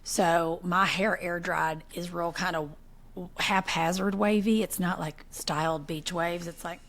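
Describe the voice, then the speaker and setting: A woman in her forties co-hosting a podcast, telling animated stories in casual chat and laughing often. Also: on the low side, measured pace. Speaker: podcast co-host.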